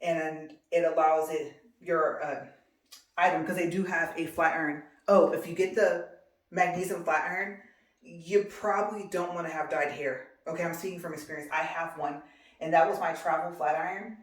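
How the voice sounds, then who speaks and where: A woman's voice: low voice, steady tone, normal speed. A woman chatting in a rambling, casual way about hair care for her vlog, with lots of fillers. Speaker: beauty vlogger. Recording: roomy echo.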